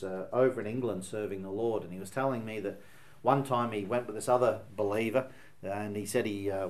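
A man's voice: medium pitch, a little mellow. A man with a Northern Irish accent preaching a sermon in an earnest, emphatic way, weaving in stories as he goes.

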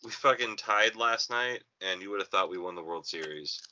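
A man chatting casually on a video call, joking and swearing, with an animated way of talking. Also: lowish voice, moderate pace, muffled recording, background noise. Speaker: co-host, baseball coach. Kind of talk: casual chat.

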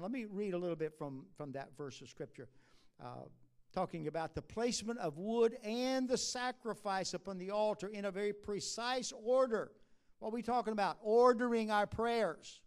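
Preacher, male, high-pitched, easygoing sermon delivery with frequent uh fillers and emphatic swells. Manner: conversational preaching, rises to emphatic, drops low and soft at asides; halting restarts and drawn-out uh fillers. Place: church conference.

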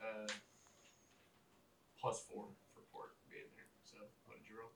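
A man's voice: lowish voice, completely flat delivery, measured pace, creaky. A man narrating as game master of a tabletop game, in loose, rambling narration with many fillers. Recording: echoey room, distant mic, faint hiss.

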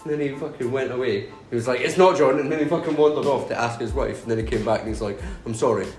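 A man's voice: mid-range voice, racing, a little mellow. A Scottish man tells a story in casual, profane banter and acts out the people in it. The sound is roomy and echoey, with music faint in the background. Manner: swearing, storytelling, mimics people he quotes. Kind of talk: casual banter among coworkers. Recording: echoey room with music behind.

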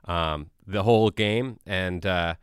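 A man talks casually, stumbling and restarting as he works through his story. His voice is low and smooth, and the recording is dry and close. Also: dry recording. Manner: halting, many restarts and fillers. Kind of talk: casual chat.

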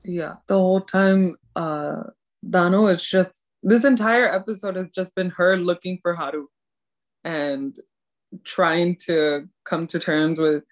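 A young woman casually discussing drama episodes with a friend, gushing and excitable, often quoting her own reactions. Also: on the low side. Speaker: podcast co-host. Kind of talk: casual chat recapping a drama.

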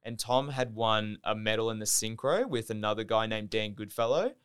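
Laid-back young Australian man, smooth voice. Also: lowish voice, expressive, moderate pace, a bit bright. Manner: loose, swears often, heavy use of "like". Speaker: podcast guest, Olympic diver. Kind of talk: casual storytelling chat.

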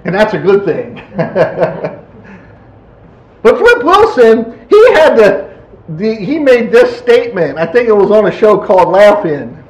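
A man preaching a sermon in a folksy, animated way, acting out quotes. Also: high voice, a little slow, background noise. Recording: echoey room.

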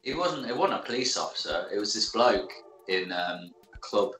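A man with an animated, bright voice drops wry remarks into casual podcast chat. His voice rings in an echoey room over faint music. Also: fairly low pitch, moderate pace. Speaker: podcast co-host.

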